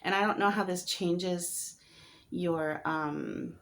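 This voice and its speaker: Low, gravelly-voiced woman vlogger. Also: steady tone, slow pace, a bit bright. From United States. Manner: hesitant and candid, many fillers, laughs while talking. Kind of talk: personal story vlog.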